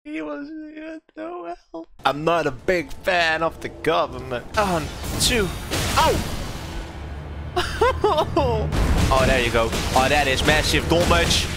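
A young man commentating his own gameplay, shouting, swearing and taunting the boss he is fighting. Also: fairly high pitch, wildly swooping pitch, takes it slowly, creaky. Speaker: gaming video creator. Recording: loud game music behind voice. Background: loud game music.

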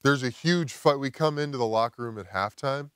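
A man, a podcast guest, telling a personal story outdoors in casual chat, animated and swearing freely. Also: mid-range voice, fairly quick, smooth, no room sound, clean studio sound. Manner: animated, swears a lot, acts out quotes. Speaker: podcast guest, former football player.

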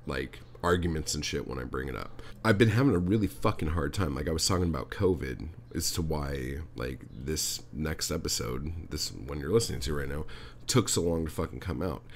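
A man's voice: extremely low pitch, lively intonation, moderate pace, gravelly, slight background noise. A man hosting a podcast, ranting heatedly with constant swearing and talking straight to the listener. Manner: talks directly to listener, "dude". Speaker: podcast host. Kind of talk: profane ranting monologue.

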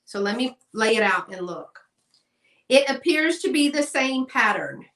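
A middle-aged woman hosts a live-stream sale, chatting casually and greeting viewers by name. Her voice is a little high and a bit bright, expressive, and her pace is measured. She sounds off-mic and distant in an echoey room.

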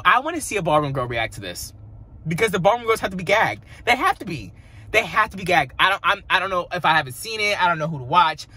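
A man reviews an album in a loose, excitable vlog, gushing like a devoted fan and leaning hard on slang. His voice is bright and sharp and swings widely in pitch. There's a husky edge to it. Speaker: music reaction vlogger. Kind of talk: casual music review.

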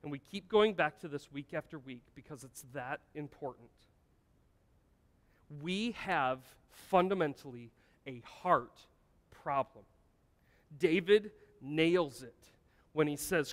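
A man's voice: a little high, lively intonation, slow, long pauses, fairly bright tone. A man preaching a sermon as pastor, earnest and emphatic, asking the congregation rhetorical questions. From United States. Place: church sanctuary. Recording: long church-hall reverb.

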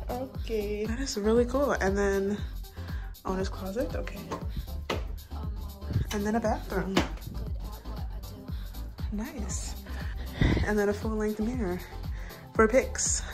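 A woman's voice: fairly high pitch, slow, pauses often, over music. A young woman vlogging a trip in a casual, chatty way, slangy and laughing often, at times out of breath. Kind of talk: casual travel vlog.

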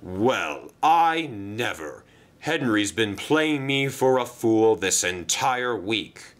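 A man's voice: fairly low pitch, sing-song, takes it slowly, fairly bright tone, full character voice. A man doing a pompous, indignant big engine.

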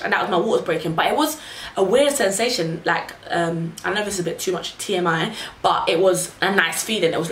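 A young woman telling a personal story to camera in a casual, animated way, acting out what people said. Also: mid-range voice. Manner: animated, acts out quotes in raised voices. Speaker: vlogger. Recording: echoey room, faint noise.

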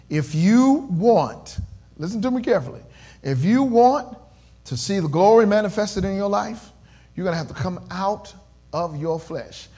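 Pastor guy preaching slow, high voice, gets loud then goes real quiet. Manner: call-and-response preaching, swells loud and drops to a near murmur. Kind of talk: sermon.

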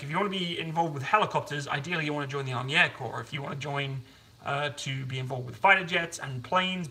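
A man's voice: a little high, bright, forceful tone. A man chatting casually to his live-stream viewers while he cooks, rambling between topics and answering chat. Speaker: streamer cooking on camera. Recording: echoey room, mic at a distance.

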